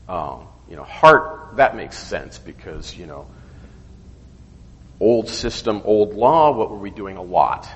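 Man, low voice, lively pitch, informal Bible study teacher, conversational, searching for words, hall reverb. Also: dull audio. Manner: conversational, asks questions, frequent "okay?" checks.

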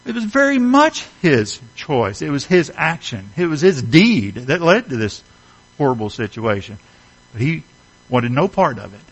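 A man's voice: on the high side, big pitch swings, moderate pace, slightly rough, low-quality recording. A middle-aged man preaching a sermon, earnest and emphatic, asking his listeners rhetorical questions. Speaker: pastor.

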